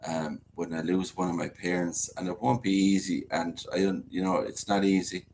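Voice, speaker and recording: A man's voice: low-pitched, flat delivery, moderate pace, darkish tone, a little hiss or hum. A man hosting a casual live-stream chat, chatting and reading out viewer comments.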